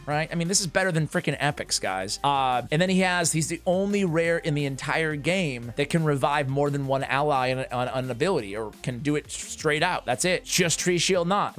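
Chatty man with a high-set voice. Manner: energetic, rambling, talks straight to viewers. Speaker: game guide creator. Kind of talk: casual gaming commentary.

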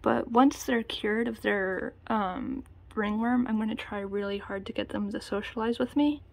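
A woman's voice: medium pitch, normal speed, gravelly. A young woman vlogging casually, talking to her pet rats in cooing baby talk and sometimes whispering.

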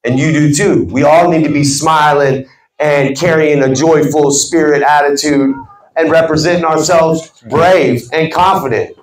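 Emphatic high-voiced man in echoey room. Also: steady tone, measured pace. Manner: emphatic, stresses words, preacherly cadence. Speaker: sales team motivational speaker. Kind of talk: motivational team talk. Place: team meeting room.

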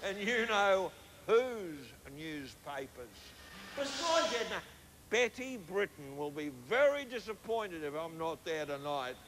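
A man's voice: high voice, sing-song, slow pace, a bit bright, slight background noise, exaggerated voice, rough recording. A man playing a boorish, drunken middle-aged Australian diplomat with an Australian accent, talking in a brash, pleading, crude way.

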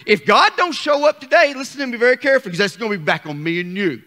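Older pastor man preaching hard, high voice that swoops all over, calls out to the church. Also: animated, fast. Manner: fervent, calls on the congregation, rising to shouts. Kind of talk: sermon.

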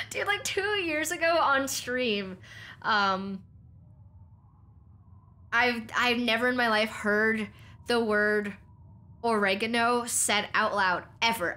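A woman's voice: on the high side, bright, forceful tone. A young woman from North America chatting casually while streaming a game, rambling with restarts and frequent giggles. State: voice cracking. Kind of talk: casual gameplay commentary.

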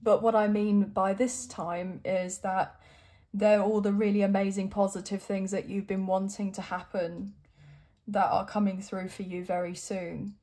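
A woman's voice: medium pitch, level tone, a little slow, warm tone. A young adult woman giving an encouraging, emotional tarot reading to her viewers, at times choked up. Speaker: tarot reader.

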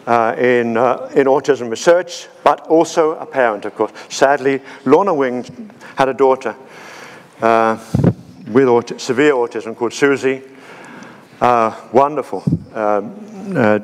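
A man gives a conference lecture with slides, and his voice sits at an ordinary middle pitch. He talks haltingly, with many ums and restarts. His voice rings with the long reverb of a large hall. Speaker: conference speaker.

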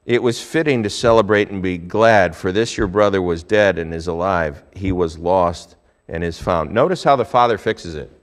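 A male pastor preaching a sermon, telling a Bible story with lively swings between hushed and loud delivery. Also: low voice, normal speed.

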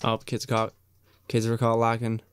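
A man's voice: mid-range voice, completely flat delivery, moderate pace, loud music behind the voice. Joking young man hosting a reaction video. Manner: rambling, joking, sarcastic asides; swears casually. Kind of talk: casual reaction commentary.

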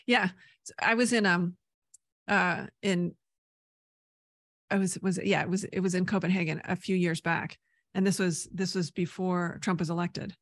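Gravelly-voiced woman telling stories, dry sound. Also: on the low side, steady tone, moderate pace, pauses often, no room sound. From Canada. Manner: rambling storyteller, many "right?" tags. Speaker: podcast guest. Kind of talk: casual interview chat.

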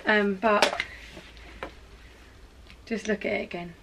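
A young woman from England chatting in a casual vlog, bubbly and quick to laugh. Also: mid-range voice, steady tone, vocal fry, fairly bright tone, a little hiss or hum. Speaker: vlogger.

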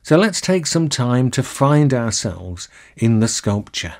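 A male minister giving a recorded sermon in a measured, deliberate way, slowing down to linger on key phrases. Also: medium pitch, sing-song.

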